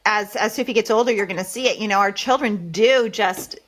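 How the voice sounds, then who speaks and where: A woman's voice: medium pitch, fairly quick. A woman in her thirties hosting a podcast, chatting casually and asking her guest open questions. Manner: warmly conversational, asks open questions. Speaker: podcast host. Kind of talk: casual interview chat.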